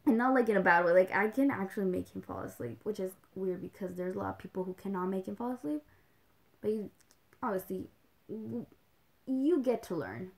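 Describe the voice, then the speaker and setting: A woman's voice: medium pitch, fairly quick, vocal fry. A young woman talking in a rambling, casual way as a livestream host, full of "like"s, slipping in Spanish phrases now and then. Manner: chatty, rambling, with many "like"s and little laughs. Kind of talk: casual chat.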